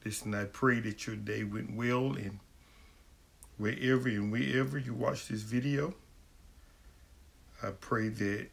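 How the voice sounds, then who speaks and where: A man's voice: fairly low pitch, gravelly, fairly bright tone, husky. A man, a pastor hosting a livestream question-and-answer session and greeting viewers by name in a folksy way. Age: adult, married.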